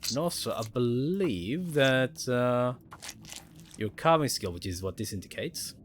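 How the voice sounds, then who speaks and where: A gaming livestreamer plays a survival game, casually thinking out loud and explaining mechanics to viewers. He speaks a little slowly in an expressive, mid-range voice, with slight background noise.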